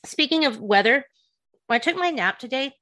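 A woman's voice: high-pitched, animated, brisk, pushed and bright, no echo. Chatty woman host, easy laughs, dry recording. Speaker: podcast host. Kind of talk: casual chat.

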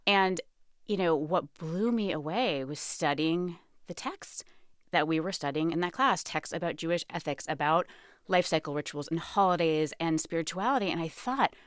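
A woman's voice: lowish voice, lively intonation, fairly quick, a bit bright, dry recording, clean studio sound. A woman guest telling her story in an interview, candid and self-mocking, laughing often. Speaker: author and guest.

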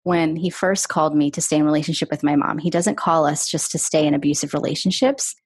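Husky low-voiced woman, earnest storyteller. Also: fast, a little mellow, no echo. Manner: earnest, candid, recounts her own past with emphasis. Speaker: author and interview guest. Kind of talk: conversational storytelling.

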